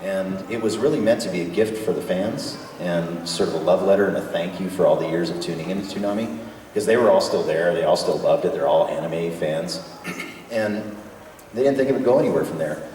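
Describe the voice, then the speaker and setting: A man's voice: low voice, fairly quick, a little mellow. A man answering fan questions at a convention panel, enthusiastic and joking. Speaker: guest voice actor at a fan panel. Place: convention hall. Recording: echoey hall from far off with faint noise.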